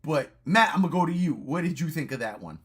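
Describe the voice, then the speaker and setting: A man's voice: a little high, expressive, fast talker, husky. A man with a New York accent reviewing horror movies in an enthusiastic, profane casual chat. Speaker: podcast co-host.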